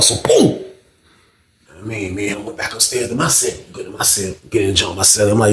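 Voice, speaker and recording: A man's voice: lowish voice, quick pace, crowd noise. A young man telling a story in casual, slangy talk, acting out the voices of others. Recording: roomy echo.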